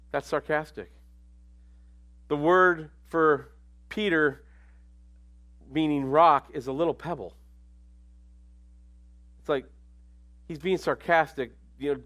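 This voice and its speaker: A man preaching a sermon in a conversational way, dropping to quiet asides and then rising into emphatic lines. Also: fairly high pitch, slow pace, pauses often.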